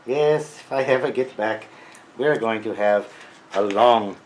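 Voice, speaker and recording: A man's voice: lowish voice, unhurried, background noise. A man in his home workshop, talking to the camera in a rambling monologue with dry, grumpy asides, often slipping into a put-on mock Freudian accent. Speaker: workshop vlogger.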